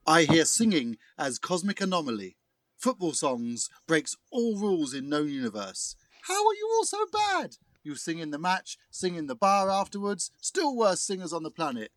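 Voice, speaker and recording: A man's voice: sits high, sing-song, normal speed, no room sound. A man voicing a taunting male psychic football pundit in a put-on foreign accent with broken grammar. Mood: mocking. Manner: taunting, sing-song chanting, broken grammar.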